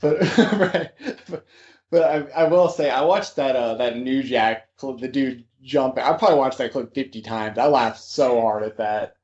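A laid-back man hosting a podcast interview. He asks questions casually and laughs along. The audio is dull and low-fidelity. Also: moderate pace, darkish tone. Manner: laid-back, laughs often, says dude. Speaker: podcast host.

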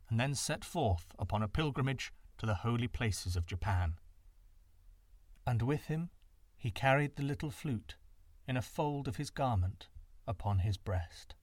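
A man narrating folktales in an expressive, dramatic reading. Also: mid-range voice, no echo. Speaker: storyteller. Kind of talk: scripted storybook narration.

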